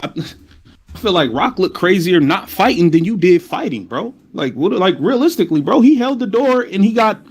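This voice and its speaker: This man has a slightly higher voice. He co-hosts a relaxed podcast, talking loosely and hedging every take before he gives it. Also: moderate pace, slightly rough. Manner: hedging, repeats "I feel like" and "bro". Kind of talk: casual group chat.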